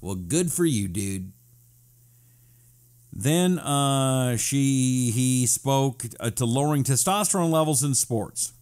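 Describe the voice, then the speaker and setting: A man's voice: medium pitch, lively intonation, takes it slowly, darkish tone, clear, resonant tone. A man hosting a casual live-stream talk show, sarcastic and wisecracking, reading out viewer comments.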